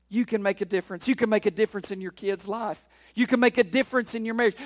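A man preaching a sermon, repeating phrases and asking the congregation questions, building up to shouted exhortations. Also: high-pitched, fairly even intonation, fast, hardly any pauses, in a large hall. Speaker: pastor.

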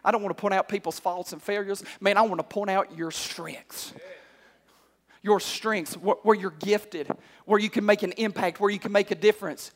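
A male pastor preaching a sermon, calling out to the congregation and climbing to shouts. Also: high voice, steady tone, normal speed, a little hiss or hum. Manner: call-and-response preaching, rising to shouts. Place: church hall. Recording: long hall reverb.

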